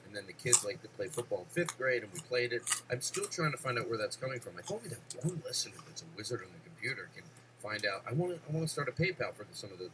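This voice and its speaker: A man hosting a podcast in casual chat, excitable and jumping from topic to topic. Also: medium pitch, background noise. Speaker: podcast host.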